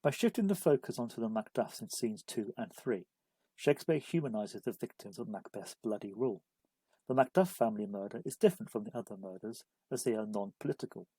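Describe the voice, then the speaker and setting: A man reads a scripted study-guide lesson in a measured, even way. His voice is mellow and a little husky, and the recording is dry and close. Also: medium pitch, dry recording, rough recording. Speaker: literature explainer. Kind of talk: scripted narration.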